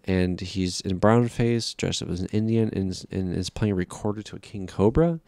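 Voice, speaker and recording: A man's voice: low-pitched, moderate pace, mellow, no room sound. A man giving a casual, rambling film review, exasperated and profane, with frequent restarts.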